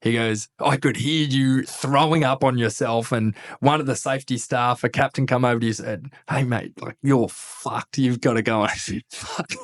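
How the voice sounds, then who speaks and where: Australian guy in his thirties, ex-officer guest, lively yarn-spinner, salty language, laughs through his stories. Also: medium pitch, normal speed, few pauses. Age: 30s. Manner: animated, laughing, swears a lot, acts out quotes. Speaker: podcast guest, former army captain. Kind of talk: casual storytelling interview.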